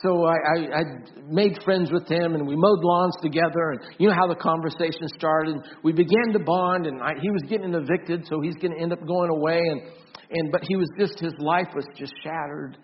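A man preaching a sermon as pastor, earnest, often repeating and restarting words, swinging from loud emphasis to soft, quiet storytelling. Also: a little high, steady tone, fairly quick, lo-fi sound, a little hiss or hum. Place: church.

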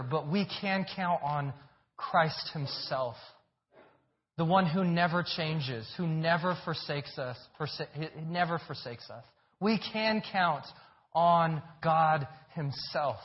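A man preaching a sermon, earnest and emphatic, often repeating his words and phrases. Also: on the high side. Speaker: pastor. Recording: dull, lo-fi recording.

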